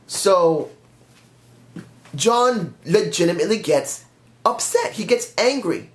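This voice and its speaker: A man's voice: high voice, animated, slow pace, long pauses. Rambling man in an echoey room. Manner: rambling, self-correcting. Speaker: fan pitching a wrestling storyline. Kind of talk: casual rambling commentary. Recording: roomy echo.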